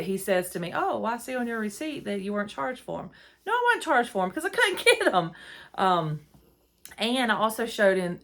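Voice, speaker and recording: Casting: middle-aged woman, low voice, chatty and exasperated podcast storyteller. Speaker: podcast host. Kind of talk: casual storytelling monologue. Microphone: phone.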